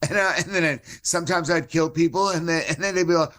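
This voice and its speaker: A man on a podcast spins a wild fight story in a slightly high voice, swearing freely. He acts out what everyone said, jumping between voices. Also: fast. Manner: animated, swears often, acts out quoted voices. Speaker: podcast guest, jiu-jitsu black belt. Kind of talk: casual storytelling chat.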